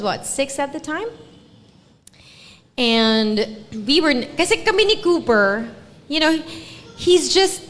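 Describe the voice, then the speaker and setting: A woman's voice: a little high, in a large hall. Filipino woman co-hosting a live podcast. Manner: switches between English and Tagalog, animated and laughing. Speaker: podcast co-host.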